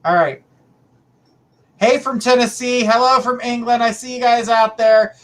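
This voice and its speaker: With a very high, fairly bright voice, steady in tone and at a measured pace, a middle-aged man runs a live psychic reading stream. He chats casually and warmly with viewers, calling them honey and sweetheart.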